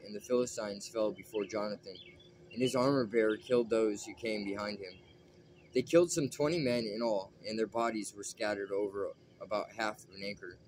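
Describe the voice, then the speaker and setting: A man reading scripture aloud at a steady pace, with a few small slips. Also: on the low side, slight background noise. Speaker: Bible reader.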